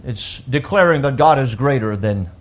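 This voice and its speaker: A male pastor preaching a sermon, slowing down to quote scripture and swinging between loud emphatic peaks and quiet, low passages. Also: expressive. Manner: emphatic preaching that rises to shouts and drops to soft lows; quotes scripture in a slow, deliberate voice.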